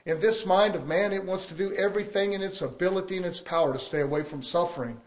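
A man's voice: sits high, fast. A man preaching a sermon, folksy and emphatic, acting out quotes along the way.

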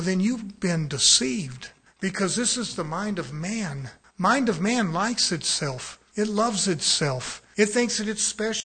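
High-voiced fervent preacher. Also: male voice, husky. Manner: fervent, rising to loud emphatic preaching; folksy, rhetorical questions to the congregation. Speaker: pastor. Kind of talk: sermon.

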